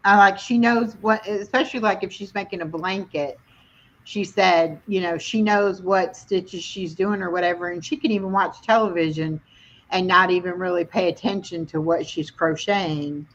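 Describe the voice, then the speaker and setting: A woman's voice: fairly low pitch, fairly even intonation, normal speed. A middle-aged woman hosting a live stream, chatting casually and telling stories about herself. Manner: chatty, self-deprecating storyteller. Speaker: host of a weekly live stream. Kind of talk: casual chat. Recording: dull lo-fi stream audio.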